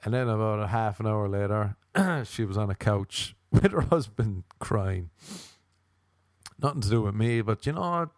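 Irish comedian, low voice, dry close sound, swears freely, laughs as he tells stories. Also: normal speed, dry recording. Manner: profane, laughing, acts out quoted voices. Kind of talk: casual comic storytelling.

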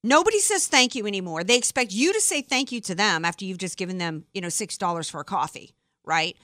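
Animated, bright-voiced woman host. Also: mid-range voice, dry recording, studio quality. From Deep South of the United States. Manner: emphatic, opinionated, quick asides. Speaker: radio talk show host. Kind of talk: opinionated talk radio chat.

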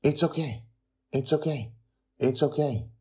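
A man's voice: medium pitch, moderate pace, warm tone, voice pushed up, lightly acted. A man playing a protective dad. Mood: reassuring. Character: protective worried father in his prime.

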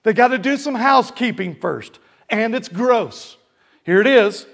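A gravelly, sing-song male pastor preaches at a normal speed. His sermon alternates dramatically between booming and hushed passages, and he calls out for the congregation's responses.

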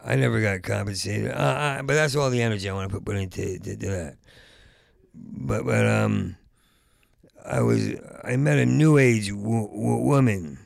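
An older man with a deeply gravelly voice rambles through a comic monologue, stammering over word starts and slipping into low mutters. The sound is dry and close, with no room around it. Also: moderate pace, dry recording. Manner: profane rants, trails off into mutters. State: Parkinson's. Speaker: stand-up comedian.

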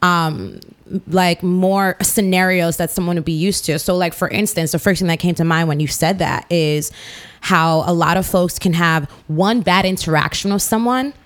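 A woman's voice: lowish voice, normal speed. A woman hosting a podcast interview in a chatty, blunt way, cursing freely. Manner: chatty, blunt, curse-laden. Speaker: podcast host. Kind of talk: casual interview.

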